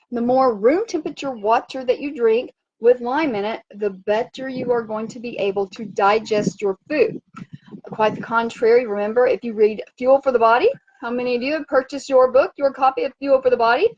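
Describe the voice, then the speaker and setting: A woman hosting a motivational wellness livestream from her home, bubbly and animated, chanting and cheering. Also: on the high side. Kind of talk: upbeat motivational livestream chat. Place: home in Fiji by the sea. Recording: dull lo-fi sound.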